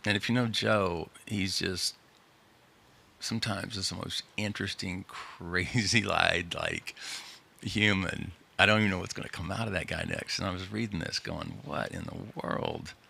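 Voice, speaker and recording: Male host, very deep and gravelly, bright tone, easygoing and rambling. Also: fairly even intonation, moderate pace. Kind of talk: live community show chat. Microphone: studio microphone.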